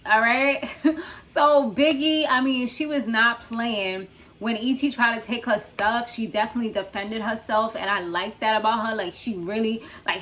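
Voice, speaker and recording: A woman's voice: on the high side, fairly bright tone. A young woman hosting her own channel, recapping a reality show in a chatty, loose way, full of fillers and frequent laughs. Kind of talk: casual recap commentary.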